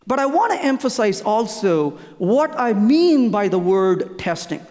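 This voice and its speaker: An animated conference speaker whose pitch rises and falls expressively while stressing the same point again and again. The talk goes out through a stage microphone. The sound rings out with the long reverb of a large hall. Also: moderate pace, few pauses. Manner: emphatic, repeats key points, frequent restarts.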